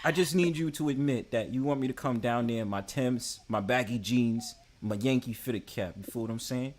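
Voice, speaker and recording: A man's voice: medium pitch, moderate pace, darkish tone. A man with a New York accent, hosting a casual panel chat, boastful and playful. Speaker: host.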